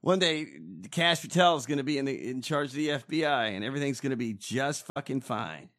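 Excitable, profane man with a bright voice. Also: medium pitch, fairly quick. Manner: loud, excitable, swearing, shouts and laughs at clips. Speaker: podcast co-host. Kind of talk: profane political banter.

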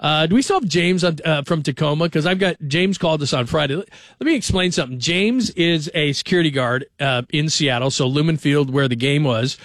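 A man's voice: fairly high pitch, fairly quick, a bit bright, dry recording. Chatty male sports radio host. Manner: chatty, joking, storytelling. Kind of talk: casual talk radio monologue.

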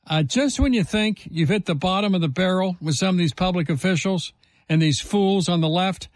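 A male talk radio host holding forth with emphatic indignation, firing off rhetorical questions. His voice sits fairly high for a man, and the studio sound is close and dry, with no room around it. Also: normal speed, no echo.

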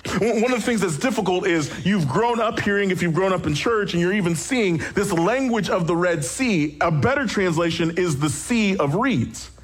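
A man preaching a sermon in an animated, conversational way, with quick asides and restarts. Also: sits high, breathy edge. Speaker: pastor.

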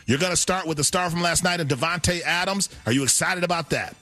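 A man hosting a sports talk show, quizzing his co-host in a brisk, teasing way. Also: on the high side, bright, forceful tone, dry recording, faint music behind. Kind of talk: quiz-style sports debate.

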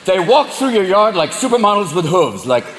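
A male stand-up comedian performing, animated, profane and loud. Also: high-pitched, normal speed. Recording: echoey hall with loud crowd.

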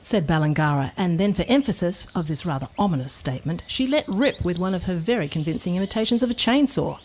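A woman narrating a children's storybook in an expressive, playful manner. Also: fairly low pitch, fast, background noise.

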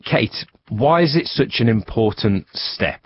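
A man interviewing scientists for a news report, asking brisk questions. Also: mid-range voice, lively intonation, slightly rough, highs cut off.

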